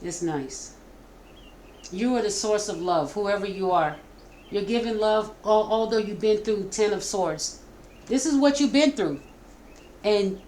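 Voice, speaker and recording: Middle-aged woman as tarot reader, casual and stumbling, a little noise behind her. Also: medium pitch. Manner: warm, repetitive, stumbling, emotional. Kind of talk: casual spoken tarot reading.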